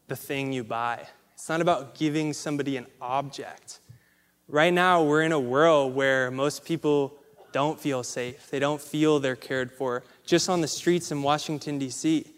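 Male motivational speaker, lively storyteller, resonant voice, big hall echo. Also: fairly high pitch, smooth. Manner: animated storyteller acting out quotes. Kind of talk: storytelling speech on stage. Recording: long hall reverb.

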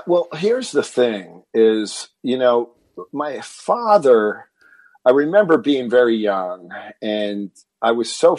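A middle-aged man from Texas, a guest in an interview, telling stories in an animated way and acting out what people said. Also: mid-range voice, dry recording, rough recording. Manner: animated storyteller acting out quoted dialogue. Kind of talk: storytelling interview.

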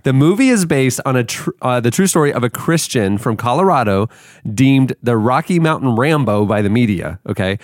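A man's voice: medium pitch, lively intonation, normal speed, no room sound. Chatty podcast guy, dry mic, mid voice. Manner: chatty, loose, laughing. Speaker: podcast host. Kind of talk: casual chat.

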